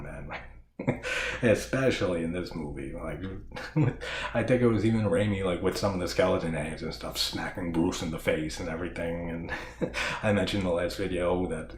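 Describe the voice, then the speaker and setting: A man's voice: low-pitched, roomy sound, slight background noise. A man casually talking through a horror-comedy film as a channel host, laughing often and rambling with restarts and fillers. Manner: acts out movie lines in raised voices.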